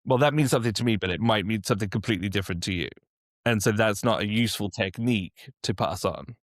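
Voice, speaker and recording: A man's voice: fairly low pitch, quick pace, no room sound, studio quality. A man who works as a dialect coach, answering interview questions with practical, step-by-step advice. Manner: practical, encouraging, explains step by step.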